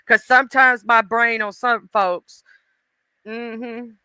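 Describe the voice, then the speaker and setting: Bright chatty woman live streamer. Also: fairly high pitch, steady tone, slow, clear, resonant tone, no echo, low-quality recording. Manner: chatty, laughing, talks to chat viewers. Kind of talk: casual live stream chat.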